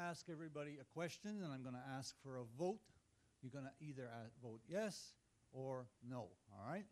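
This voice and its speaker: A man's voice: medium pitch, darkish tone. A man, a professor from Canada, speaking casually at a panel and polling the audience with jokes. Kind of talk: panel discussion remarks.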